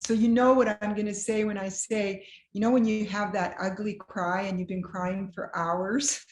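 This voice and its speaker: Animated woman telling her story, roomy echo. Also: mid-range voice, moderate pace, slight background noise. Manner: lively, self-deprecating humor; acts out quoted dialogue. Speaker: guest sharing a personal testimony. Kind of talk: conversational storytelling.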